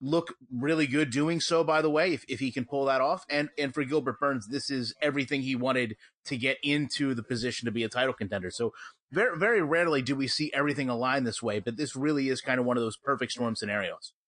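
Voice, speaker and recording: Dude cohosting a sports podcast, dry teasing humor, close dry mic. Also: male voice, medium pitch, quick pace, a bit bright, no room sound. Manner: wry, teasing banter. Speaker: podcast co-host. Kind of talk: casual podcast chat.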